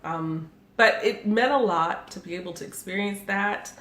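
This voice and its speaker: A woman in her forties telling a family story in a casual chat, animated and often laughing as she acts out what her family said. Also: medium pitch, normal speed. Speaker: podcast co-host. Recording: echoey room with faint background noise.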